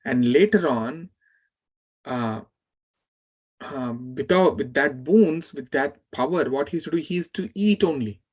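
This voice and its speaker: Guy telling an old epic to his class, a bit high voiced, acts out the lines. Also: unhurried, slightly rough. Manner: animated retelling, voicing the characters' words. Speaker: scripture teacher. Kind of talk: storytelling scripture class.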